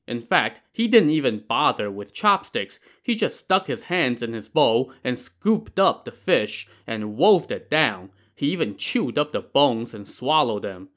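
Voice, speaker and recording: A man's voice: mid-range voice, a bit bright. A man narrating a classic tale in a casual way, with joking asides. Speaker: storyteller.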